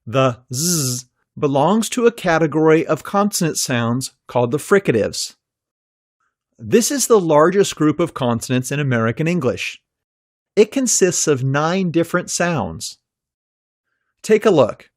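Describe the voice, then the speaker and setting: Male narrator for a pronunciation lesson: slow and deliberate, holds out example sounds, dry close-mic read. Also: a little high, sing-song, no room sound. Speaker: pronunciation teacher. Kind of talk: scripted instructional narration.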